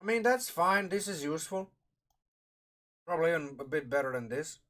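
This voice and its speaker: A man's voice: fairly high pitch, animated, fairly quick, fairly bright tone. A man casually reviewing a game sourcebook on a live stream, rambling and thinking aloud with restarts, talking through a mouthful of food. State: eating while talking, mouth full.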